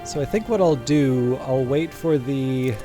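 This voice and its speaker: A man's voice: mid-range voice, measured pace, over music. A man commentating a game late at night, thinking aloud with hesitant restarts and reading game text, a little tired. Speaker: gameplay commentator.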